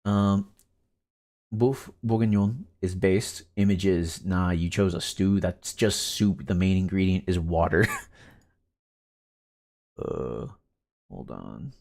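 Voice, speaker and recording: A man's voice: low voice, animated, slow, vocal fry, long pauses, darkish tone. A man streaming a game, chatting casually with his chat and laughing often. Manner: laid-back, laughs often, reads chat aloud.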